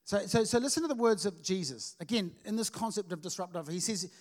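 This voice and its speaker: A man's voice: high-pitched, a little fast. A man preaching a sermon at a church service, telling stories with energy and frequent restarts. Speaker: pastor.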